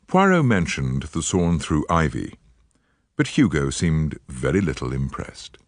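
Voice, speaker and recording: Male audiobook narrator, low voice with wide inflection, dry close mic. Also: no echo. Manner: expressive, measured storytelling.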